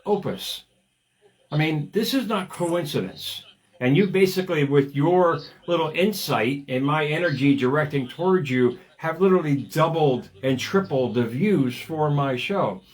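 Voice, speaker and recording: A man's voice: fairly high pitch, animated, unhurried. A man in his fifties hosting a motivational talk show, speaking energetically and digressing, often repeating words as he starts a thought. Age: 50s. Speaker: radio show host.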